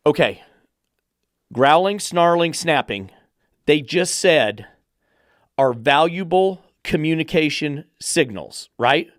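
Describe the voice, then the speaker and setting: Male podcast host, dog trainer. Fired-up, sarcastic rant, slightly high voice, dry sound. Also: expressive, takes it slowly, long pauses, no echo. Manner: swears freely.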